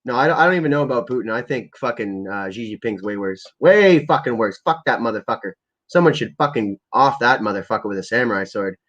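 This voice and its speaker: A man's voice: medium pitch, animated, quick pace, a bit bright. A man ranting crudely and rambling on a casual livestream while stoned, as he sets up prank calls. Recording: lo-fi muffled recording.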